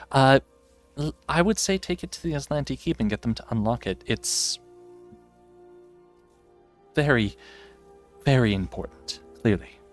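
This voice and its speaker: A man narrating as dungeon master, describing scenes with frequent ums and uhs. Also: medium pitch. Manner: descriptive, filler-laden narration. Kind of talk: narrating a tabletop game.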